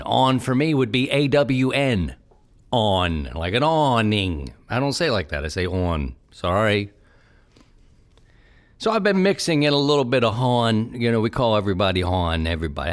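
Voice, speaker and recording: A man with a Baltimore accent hosts a podcast on his own, chatting casually and wandering between tangents with a joking ease. His voice sits low but moves a lot, rising and falling freely. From Baltimore, Maryland. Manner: rambling, jokey, drifts into accent bits. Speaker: podcast host. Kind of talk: casual solo podcast talk.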